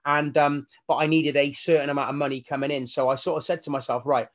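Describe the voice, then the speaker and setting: A man with a fairly high voice speaks fast as he tells his story, a fitness coach guesting on a relaxed interview. He acts out his inner voices in an animated way, swearing casually as he goes.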